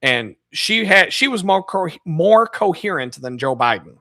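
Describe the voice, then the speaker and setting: A man's voice: high voice, big pitch swings, measured pace, pushed and bright, dry recording, studio quality. A man on a live stream, ranting casually in a profane, rambling, mocking way. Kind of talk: casual rant.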